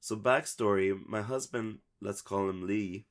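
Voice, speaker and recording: Man podcast co-host, low voice, casual chat and story reading, laughs easily. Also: measured pace. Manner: laughs often, swears casually.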